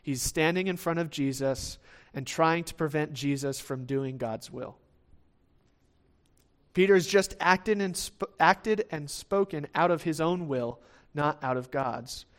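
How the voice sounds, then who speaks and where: A man's voice: on the high side, unhurried. Man preaching a conversational sermon. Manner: conversational, with frequent restarts and "right?" asides; acts out the quoted lines of the disciples in lively voices.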